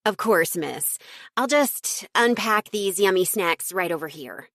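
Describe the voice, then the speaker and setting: A woman's voice: mid-range voice, animated, unhurried, a bit bright, dry recording, studio quality. Teen girl posing as a caterer , read by a woman: fake accent, syrupy politeness. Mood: faux-polite. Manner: put-on accent, fake sweetness.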